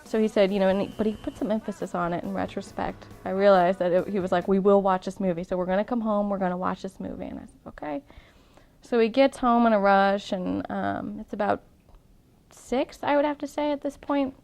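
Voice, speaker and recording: A woman's voice: medium pitch, fairly quick, darkish tone, faint music behind. A young woman casually telling the story of her proposal in an interview, chatty, with frequent ums and restarts.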